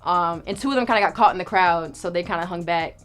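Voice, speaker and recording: Young woman rattling off a story fast, animated, swears a lot, acts out the quotes, music faint underneath. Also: fairly low pitch. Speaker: storyteller guest. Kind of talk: casual storytelling.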